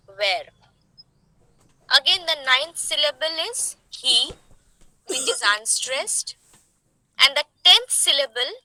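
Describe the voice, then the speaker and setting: A woman teaching poetic meter, explaining slowly and asking rhetorical questions. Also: high voice, bright, forceful tone, dry recording, rough recording. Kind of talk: poetry meter lesson.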